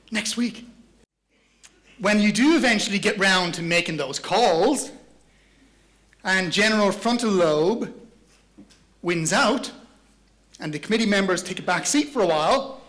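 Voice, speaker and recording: Lively guy doing a motivational talk on stage, high bright voice, playful. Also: unhurried, pauses often. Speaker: motivational speaker. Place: large hall with an audience.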